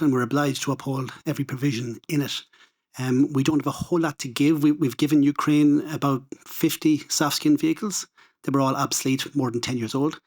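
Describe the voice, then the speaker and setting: Blunt, emphatic Irish man. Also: medium pitch. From Ireland. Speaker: panelist. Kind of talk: panel answer. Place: conference room.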